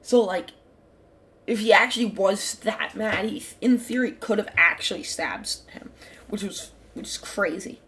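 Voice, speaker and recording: Woman telling a storytime on her channel, mid pitch, rambly, says like a lot, swears now and then. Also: measured pace, a bit bright, a little hiss or hum. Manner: rambling, heavy use of "like" fillers; casual swearing. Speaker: channel host. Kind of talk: casual storytime narration.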